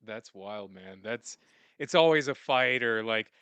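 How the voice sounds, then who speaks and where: A man's voice: medium pitch, expressive, unhurried, a bit bright, smooth, no room sound. A man hosting a podcast, reacting in an easygoing, joking way. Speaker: podcast host. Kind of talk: casual chat.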